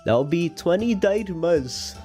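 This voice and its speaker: A man's voice: fairly high pitch, expressive, slow, dark tone, faint music behind, voice pushed up. A man voicing a cheerful, polite young boy who works as a monk-in-training tour guide, speaking eagerly in a sing-song way.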